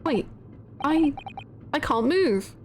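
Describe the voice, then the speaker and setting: Confused young guy, anxious, fairly high voice, a woman reading him, unhurried. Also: expressive, darkish tone, slight background noise. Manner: flustered, anxious. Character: bewildered young man waking up in handcuffs.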